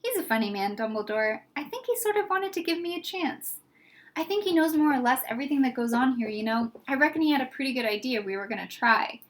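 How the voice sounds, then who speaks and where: A woman's voice: high voice, animated, fast talker. A woman voicing a thoughtful, earnest young schoolboy in a storybook reading.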